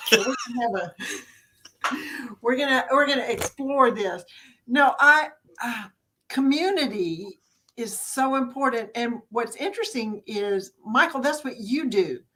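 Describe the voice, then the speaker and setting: An older woman with a Southern American accent, chatting as a guest on a video-call podcast in a folksy, expressive way. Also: on the high side, measured pace. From Southern United States. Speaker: guest, author and speaker. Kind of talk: casual podcast chat.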